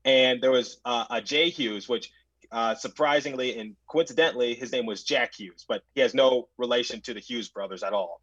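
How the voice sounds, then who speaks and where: Young man, podcast guest, casual chat, excitable storyteller, dry dull-sounding mic. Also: mid-range voice, normal speed, breathy edge, no echo. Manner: excitable storyteller with many fillers and restarts.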